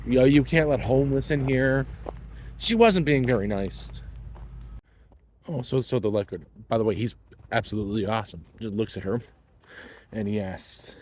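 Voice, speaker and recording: A man's voice: mid-range voice, normal speed, long pauses, a little mellow, a little hiss or hum. A man in his thirties telling a personal story in a blunt, wry, casual way. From Canada. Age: 30s.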